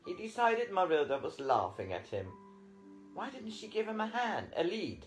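A man reading a novel aloud as an audiobook narrator, with lively storytelling. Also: sits high, moderate pace, low-quality recording. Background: faint guitar music.

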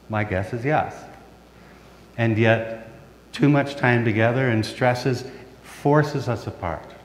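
A middle-aged pastor preaches at an unhurried, deliberate pace, often posing a question to his listeners before he answers it. His medium-pitched voice rings out through a large church, with a long reverb trailing each phrase. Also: slight background noise. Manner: asks the congregation questions and answers them. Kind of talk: sermon. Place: church sanctuary.

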